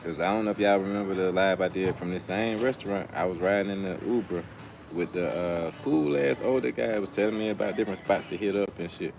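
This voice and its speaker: Gravelly-voiced man livestreaming on the street. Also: low voice, quick pace, noisy background. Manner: loose slangy storytelling, talks to chat. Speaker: livestream host. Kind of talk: casual livestream chat. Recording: music playing loudly behind.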